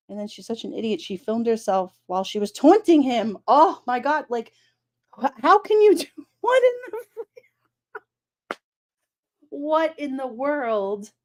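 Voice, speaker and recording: A woman chatting casually on a live stream, animated and incredulous, often exclaiming. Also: high-pitched, slow, long pauses. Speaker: streamer talking true crime.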